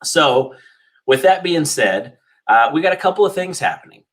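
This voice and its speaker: A man hosting a local radio talk show speaks at normal speed in a voice on the high side with lively intonation. A little out of breath, he rambles with plenty of fillers and restarts.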